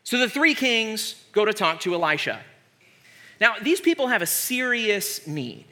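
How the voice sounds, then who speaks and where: A man in his thirties preaching a comedic sermon in an animated, joking, sarcastic way. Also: sits high, unhurried.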